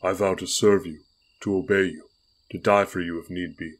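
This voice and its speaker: A man's voice: sits low, fairly even intonation, normal speed. A man reading the part of a loyal middle-aged knight in an audiobook, pleading earnestly with his queen. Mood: solemn.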